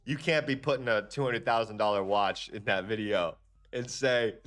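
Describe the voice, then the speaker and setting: Animated, slangy young man hosting a trading stream. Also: moderate pace, faint music behind. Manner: animated, slangy and profane, with lively jumps in pitch. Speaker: livestream trading host. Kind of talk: casual livestream chat and rant.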